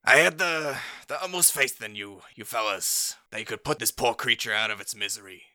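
A man voicing an oily, flattering male gnome dealmaker in a tabletop game. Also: medium pitch, fairly quick, dry recording.

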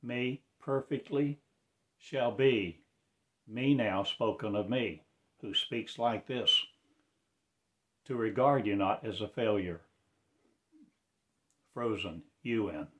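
A man speaking at a fairly low pitch intones a slow, rambling prophetic monologue, punctuated by loud proclamations.

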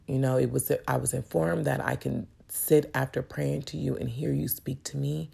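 Low gravelly-voiced woman sharing her faith. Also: flat delivery, normal speed, hardly any pauses, darkish tone. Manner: earnest, emotional, addresses viewers directly. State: tearful at times. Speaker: vlogger sharing a testimony. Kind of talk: personal faith testimony.

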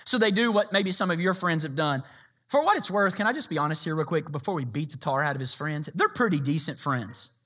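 A man preaching a sermon as a pastor, joking and telling stories in an animated way. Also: on the high side, a little fast.

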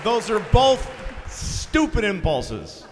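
A man in his forties from Boston doing live stand-up on a concert hall stage, ranting profanely with deadpan asides, speaking into a handheld mic. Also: high voice, takes it slowly, some chatter behind, a little hiss or hum. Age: 40s. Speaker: stand-up comedian. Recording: live hall recording with long reverb and faint ambience.

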